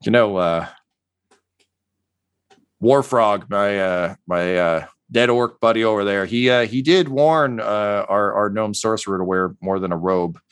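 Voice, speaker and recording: A man's voice: on the low side, unhurried, smooth, lightly acted. A man voicing a crude, grumbling heist mastermind in a tabletop game, raising his voice, cursing and sheepish.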